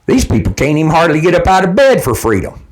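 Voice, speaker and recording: A man on a fired-up political rant, his fairly high voice leaping up and dropping low as he presses each point. He talks bluntly, swears freely and hammers the same lines again and again for emphasis. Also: big pitch swings, fast. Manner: heated, blunt and profane, repeating points for emphasis. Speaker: political commentator. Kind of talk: direct-to-camera political rant.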